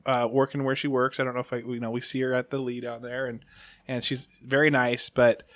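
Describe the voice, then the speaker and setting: A man's voice: medium pitch, flat delivery, a little fast, fairly bright tone, no room sound. A man hosting a podcast, telling stories in casual chat and acting out the voices of people in them. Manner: storytelling, acts out voices from his stories. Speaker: podcast host.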